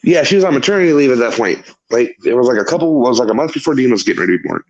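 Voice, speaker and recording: Guy rambling thru a story on his show, swears a ton, middle pitch. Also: expressive, rapid-fire, lo-fi sound. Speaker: podcast host. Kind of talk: casual storytelling chat.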